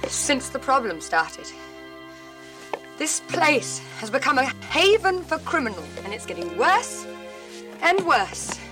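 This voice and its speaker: A woman's voice: high voice, sing-song, slow, recorded from a distance, exaggerated voice. An actress playing a stubborn woman defending her plantation home, speaking earnestly in a film clip. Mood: determined. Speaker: film character. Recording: film clip from afar with music.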